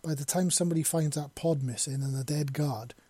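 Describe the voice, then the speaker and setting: A man's voice: on the high side, brisk, warm tone, breathy edge, no echo. A man voicing a blunt, sardonic female robot who swears freely, in a fan fiction audiobook reading. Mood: impatient. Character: sharp-tongued female robot, freed prisoner.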